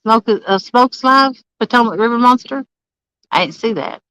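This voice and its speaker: A livestreaming angler chats casually from an outdoor campsite, greeting viewers by name and laughing often. Her voice sits on the high side, expressive and fairly bright, smooth at a normal speed. The recording is rough, with no room sound.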